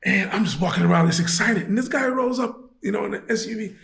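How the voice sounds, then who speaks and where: A man from Chicago telling stories as a podcast guest, animated and slangy, laughing often. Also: high voice, quick pace, gravelly. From Chicago, USA. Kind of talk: casual storytelling. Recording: roomy echo.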